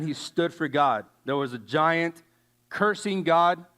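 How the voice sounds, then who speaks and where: A man delivers a casual, slangy sermon with a somewhat high voice. He tells stories in an animated way, full of fillers and asides. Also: smooth. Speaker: youth speaker.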